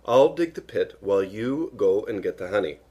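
Small fussy piglet, raised and husky, a man doing the voice. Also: lowish voice, expressive, moderate pace, warm tone, muffled recording. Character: small timid male piglet.

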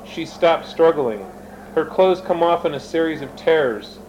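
A man's voice: a little high, expressive, measured pace, darkish tone, a little hiss or hum, rough recording. A man reading his own fiction aloud, switching between narration and character voices and speaking directly to his listeners. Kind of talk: dramatic reading of an erotic story.

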